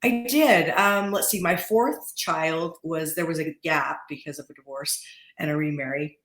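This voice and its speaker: A woman in her forties, a podcast guest talking casually, chatty and quick to laugh, often restarting and repeating words. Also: low-pitched, fairly bright tone, roomy sound. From Utah. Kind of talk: casual interview talk. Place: podcast studio.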